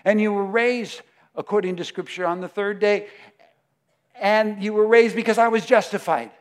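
A man preaching a sermon, emphatic, moving between loud declarations and hushed prayer. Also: sits high, moderate pace.

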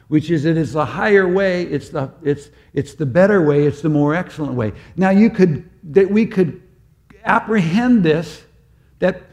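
A man preaching a sermon as a pastor, moving between loud emphatic peaks and quiet, intimate prayer. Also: a little high.

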